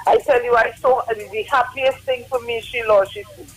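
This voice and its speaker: A woman's voice: fairly high pitch, fairly even intonation, a little fast, breathy edge, poor audio. A woman with a Trinidadian accent giving a fiery, preachy political rant as a guest on a live stream, mocking her targets.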